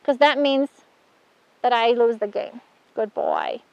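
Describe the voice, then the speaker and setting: A woman's voice: fairly high pitch, huge pitch swings, takes it slowly, gravelly, darkish tone, no room sound. A woman instructor giving a chatty hands-on horse handling demonstration, praising the horse as she works. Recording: dull dry sound.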